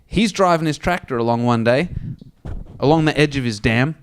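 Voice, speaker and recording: Here a man with a medium-pitched, clear, resonant voice speaks at a moderate pace. Drunk on a comedy podcast, he laughs, rambles through crude stories and jokes, and performs voices for the characters in casual, crude banter.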